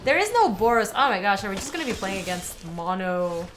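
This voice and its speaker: A woman's voice: medium pitch, big pitch swings, a little fast, over music. A young woman giving casual commentary on a card game, chatting with viewers as she plays. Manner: chatty, talks to viewers and chat while playing. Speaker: streamer playing a card game.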